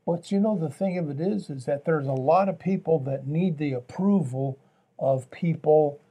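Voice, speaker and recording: A man's voice: fairly high pitch, moderate pace, dark tone, breathy edge. A man, a pastor, talking earnestly on a faith talk show, with a preaching tone and repeated phrases.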